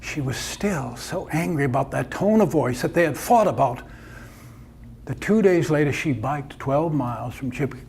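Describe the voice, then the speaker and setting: A man's voice: on the high side, expressive, normal speed, a little mellow, breathy edge. A man performing a dramatic told story, narrating it vividly.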